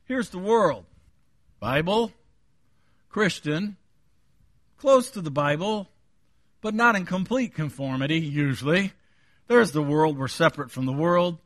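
A man preaching a sermon, booming when he quotes scripture, dropping low on his asides, and joking with the congregation. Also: lively intonation, unhurried, long pauses, a bit bright, no echo, clean studio sound. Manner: jokes with the congregation. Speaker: pastor.

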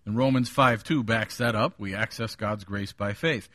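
A man's voice: on the low side, moderate pace, hardly any pauses, fairly bright tone, no room sound, studio quality. A man preaching a Sunday sermon, stressing and repeating key phrases. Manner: emphatic, repeats key phrases, occasional chuckle. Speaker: pastor.

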